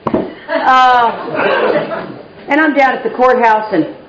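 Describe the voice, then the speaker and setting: A woman's voice: sits high, takes it slowly, crowd noise, noisy background. A middle-aged woman from Texas giving a personal recovery talk, candid and wry, poking fun at herself as she tells her story. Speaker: recovery meeting speaker. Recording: roomy, dull live recording.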